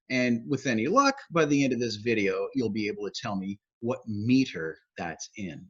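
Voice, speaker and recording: A man's voice: medium pitch, expressive, moderate pace, hardly any pauses, slightly rough. A man, teaching poetry in an upbeat, explanatory way and tapping out rhythms aloud. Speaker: poet laureate teaching poetry. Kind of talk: educational video talk. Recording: dull lo-fi recording.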